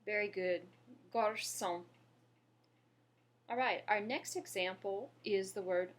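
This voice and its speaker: A woman giving an online French lesson, patiently modeling words and pausing for the listener to repeat them. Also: mid-range voice. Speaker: French teacher.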